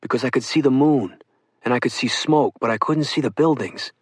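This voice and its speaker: A man narrating an oral history audiobook, reading survivors' accounts in a calm first-person voice. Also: medium pitch, a little fast, husky, no echo, studio quality.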